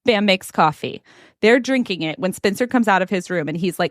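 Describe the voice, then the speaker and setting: A woman podcast host telling a gossip story in an animated way, acting out text messages and conversations. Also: medium pitch, fairly quick, dry recording, clean studio sound.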